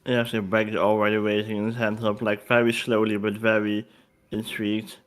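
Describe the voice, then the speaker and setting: A man's voice: on the low side, monotone. A man playing a tabletop game, casually describing what his character does. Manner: casual, quick, laughing asides. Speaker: player.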